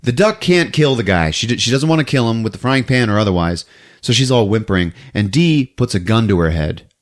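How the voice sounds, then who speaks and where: A man's voice: lowish voice, fairly quick. A man hosting a podcast, recapping a movie in casual chat and laughing often as he tells it. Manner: animated, laughs often while telling. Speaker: podcast host.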